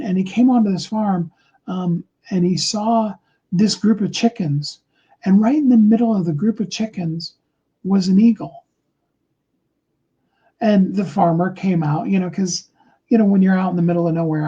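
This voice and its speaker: Husky, mellow man telling a story. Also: a little high, dull audio. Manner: slow and deliberate, with many fillers and restarts. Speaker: motivational speaker. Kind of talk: motivational storytelling talk.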